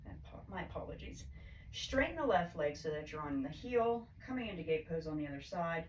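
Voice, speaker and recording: A woman yoga instructor calmly cueing poses and breaths in a guided class, her throat a little choked up. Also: sits low, brisk. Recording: distant mic with faint background hiss.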